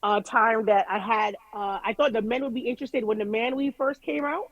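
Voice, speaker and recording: A woman guest in an interview, telling stories in an animated way, with frequent restarts and casual swearing. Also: fairly high pitch, brisk, no echo, dull audio. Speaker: guest artist.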